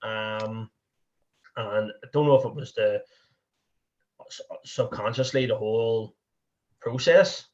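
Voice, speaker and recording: A man's voice: fairly low pitch, takes it slowly, pauses often, darkish tone, muffled recording. A young man with a Northern Irish accent, a podcast guest telling a candid personal story in a rambling way, full of "you know" and restarts.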